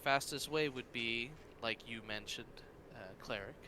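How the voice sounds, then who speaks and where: A man's voice: medium pitch, measured pace, background noise. A man playing a tabletop game, joking and speaking in character. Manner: joking, animated. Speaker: player.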